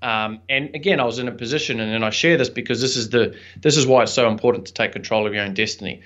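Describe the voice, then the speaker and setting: A young man speaking as an interview guest, recounting a personal story with an earnest, reflective tone and a casual, filler-sprinkled delivery. His voice sits at a middling pitch for a man. The audio is slightly dull and lo-fi. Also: fast, a bit bright. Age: young adult. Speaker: podcast guest, entrepreneur and author.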